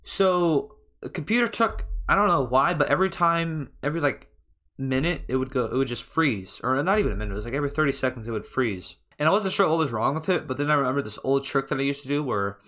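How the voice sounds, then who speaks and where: A man's voice: medium pitch, animated, quick pace, pushed and bright. A young man casually talking over a reaction video of himself, chatty and laughing at himself often.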